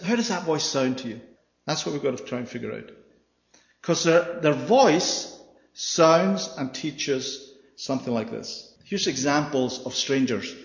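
A man preaching a sermon with emphasis, often checking in with his listeners by asking "Yeah?". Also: on the high side. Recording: echoey hall, dull sound.

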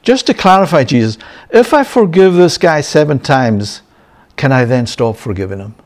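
Brief: man putting on an outspoken fisherman, raised pleading pitch, disbelieving, in a Bible lesson retelling. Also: expressive, moderate pace, close to an everyday voice.

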